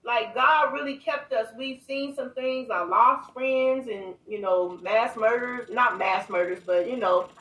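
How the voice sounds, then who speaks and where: A middle-aged woman, a guest author, telling stories with lots of laughter and then reading her own poem in a low, intense voice. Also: unhurried, few pauses. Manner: animated, laughing storyteller, drops to a low intense voice for poetry. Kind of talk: storytelling and poetry reading. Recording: echoey room, voice from a distance.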